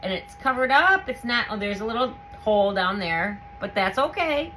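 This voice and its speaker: A woman hosting a home canning video, chatting casually through a how-to demonstration in her kitchen and gushing with excitement as she works. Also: mid-range voice, moderate pace, slight background noise, poor audio. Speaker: home canning channel host.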